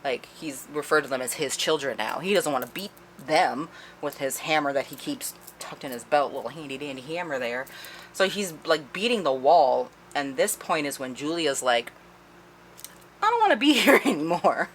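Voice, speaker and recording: A woman giving a casual, animated, profane book review, with many "like"s. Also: rumbling low, moderate pace, a little hiss or hum. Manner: animated, profane, heavy use of "like".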